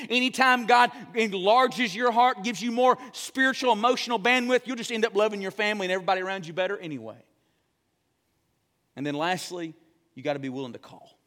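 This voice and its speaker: High-voiced preaching pastor, man. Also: in a large hall. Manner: impassioned preaching, dropping to soft near-whispers for emphasis. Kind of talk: sermon. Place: church.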